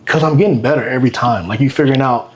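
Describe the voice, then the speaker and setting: A man's voice: medium pitch, rapid-fire, slight background noise. A man in his thirties, a bodybuilder and coach, chatting casually on a podcast and acting out what his clients say. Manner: animated storyteller, acts out voices of clients.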